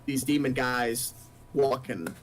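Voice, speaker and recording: This man speaks slowly in a mid-range, fairly bright voice with fairly even intonation, over slight background noise. He's a player in a casual tabletop game, thinking out loud, hesitating, and frequently starting his sentences over.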